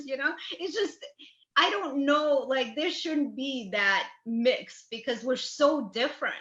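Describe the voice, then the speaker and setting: A woman from Ukraine chatting casually as a comedy guest, animated and rambling with a self-deprecating streak. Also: high-pitched, normal speed. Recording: echoey dull-sounding room.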